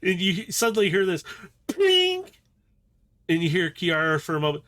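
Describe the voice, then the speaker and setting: A man's voice: high-pitched, huge pitch swings, moderate pace, long pauses, a bit bright. A man acting as game master, narrating a tabletop game in a loose, chatty way and laughing often.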